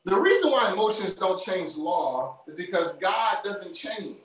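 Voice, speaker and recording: A man's voice: sits high, very animated, a little slow, a bit bright. A man preaching a sermon, driving his points home emphatically and repeating key phrases. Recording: very echoey, from far off.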